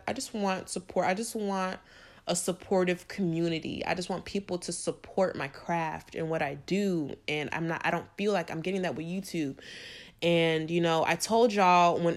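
A young woman hosting a podcast, talking earnestly and emotionally about faith straight to her listeners. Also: fairly low pitch. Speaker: podcast host. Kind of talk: heartfelt faith talk.

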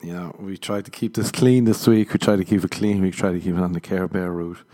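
A man's voice: sits low, steady tone, fairly quick, warm tone. A young man hosting a solo podcast, rambling crudely and laughing at his own jokes. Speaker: podcast host. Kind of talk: casual solo podcast banter.

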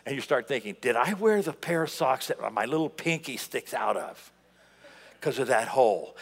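A man preaching a sermon in a church, animated, swinging between loud outbursts and hushed asides. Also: medium pitch, normal speed. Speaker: pastor. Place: church sanctuary. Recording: long hall reverb.

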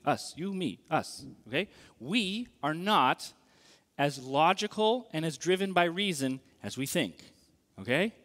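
A pastor preaches in a fairly high voice that leaps and swoops in pitch, keeping the sermon casual, animated and conversational. He regularly checks in with listeners and asks the audience questions, while the long reverb of a large hall trails his words.

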